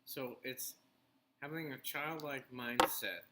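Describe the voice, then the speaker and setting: A man's voice: medium pitch, very noisy. A man co-hosting a casual talk show, speaking hesitantly with lots of fillers. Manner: hesitant, halting, with many fillers. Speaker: podcast co-host. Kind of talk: casual chat.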